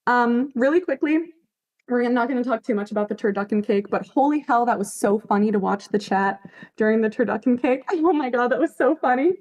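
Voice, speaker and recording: A woman's voice: on the high side, a little fast, a little mellow. A woman chatting casually on a livestream, emphatic, swearing freely and laughing often as she answers her chat. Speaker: fanfiction writer on a livestream.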